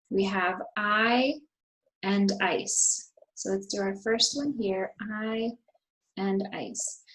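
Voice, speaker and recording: A woman's voice: medium pitch, poor audio. A woman teaching English vocabulary and intonation, modelling example sentences with exaggerated emphasis. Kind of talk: slow, clearly enunciated vocabulary lesson.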